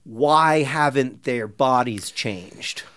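A man co-hosting a podcast, chatting casually with wry, deadpan jokes. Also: mid-range voice, very slow. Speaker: podcast co-host. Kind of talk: casual chat.

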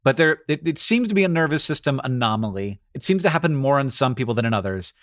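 A man's voice: medium pitch, very animated, fast, no room sound, clean studio sound. An American man co-hosting a podcast, who laughs easily and explains science in a casual, rambling way. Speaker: podcast co-host. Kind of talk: casual chat.

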